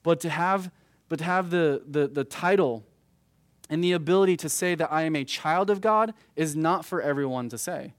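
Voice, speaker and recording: A man's voice: on the high side, moderate pace, no room sound. A man in his thirties teaching a youth group verse by verse through a Bible passage, conversational and peppered with "right?" asides. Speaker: youth pastor.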